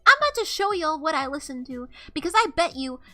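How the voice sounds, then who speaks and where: A woman's voice: high-pitched, very animated, fast, pushed and bright, soft background music. A young woman streaming live, chatting casually and reading chat messages aloud in a playful, self-mocking way.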